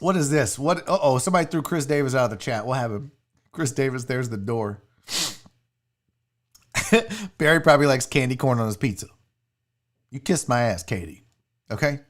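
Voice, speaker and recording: A man's voice: mid-range voice, lively intonation, moderate pace, pauses often. A young man hosting a show, ranting casually about food with rowdy, profane, mock-angry outbursts. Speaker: sports show host. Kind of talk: casual livestream rant.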